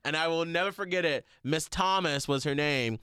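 A podcast co-host telling childhood stories in a casual chat, laughing through them and jumping into big squeaky voices when quoting people. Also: normal speed, sharp tone, clear, resonant tone, dry recording, clean studio sound.

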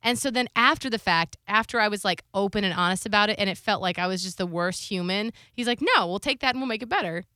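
A woman's voice: mid-range voice, fast talker, hardly any pauses, pushed and bright, no room sound, clean studio sound. A woman co-hosting a podcast, candidly telling a personal story in casual, confessional chat and swearing now and then.

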